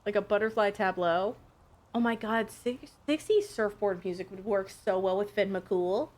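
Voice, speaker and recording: A woman streaming a game, chatting casually, excitable and prone to swearing. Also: mid-range voice, moderate pace. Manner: excitable, laughing, swears freely. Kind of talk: casual live game commentary.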